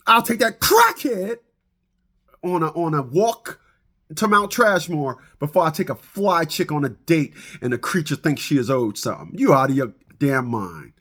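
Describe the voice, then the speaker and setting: A man ranting comically to his viewers, animated, stammering and laughing at his own jokes. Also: fairly high pitch. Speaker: vlogger. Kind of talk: comic rant to camera.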